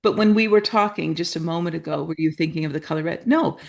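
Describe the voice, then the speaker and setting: A woman's voice: sits low, quick pace, creaky. A middle-aged woman from Canada, a guest telling her story earnestly and acting out the dialogue she quotes. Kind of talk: storytelling interview talk.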